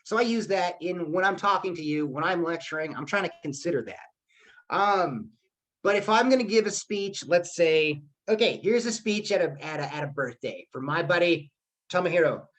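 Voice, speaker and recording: A man's voice: on the high side, animated, moderate pace, fairly bright tone. A man teaching a public speaking lesson online over a video call, keeping his delivery upbeat and acting out the voices in his examples. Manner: upbeat, acts out quoted voices.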